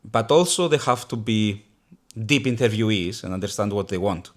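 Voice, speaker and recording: Low-voiced man hosting a business chat. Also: expressive. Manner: thoughtful, halting restarts. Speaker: podcast host. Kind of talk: casual business conversation.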